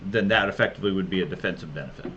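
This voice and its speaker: A man running a tabletop game as game master, narrating and giving rulings in a calm, measured way. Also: low voice, highs cut off, very noisy.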